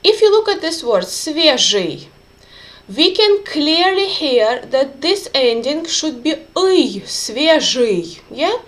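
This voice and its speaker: A woman's voice: high-pitched, lively intonation, measured pace, few pauses. A woman teaching a beginners' grammar lesson, carefully spelling out word endings and repeating example words. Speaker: Russian language teacher.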